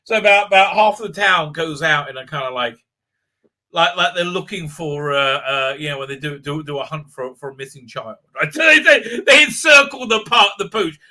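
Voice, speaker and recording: Middle-aged male livestream host, rambling storyteller, bright ringing tone. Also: fairly high pitch, normal speed. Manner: animated storytelling, many fillers and repeats. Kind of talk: rambling live-stream chat.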